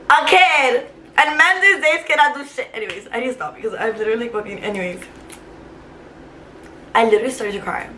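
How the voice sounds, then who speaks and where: Young woman vlogger, higher voice, rambling emotional chat with lots of fillers, light noise behind. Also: fairly quick, sharp tone. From Cuba. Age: 20s. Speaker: vlogger, teacher. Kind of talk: casual chat to camera. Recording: faint background noise.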